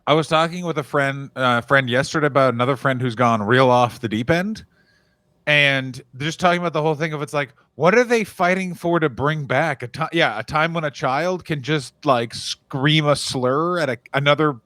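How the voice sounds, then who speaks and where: A man co-hosts a comedy podcast with incredulous, joking banter. His voice is a little higher than most. The recording is close and dry. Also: moderate pace, a bit bright, no echo. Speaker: podcast co-host. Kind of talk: casual comedy podcast chat.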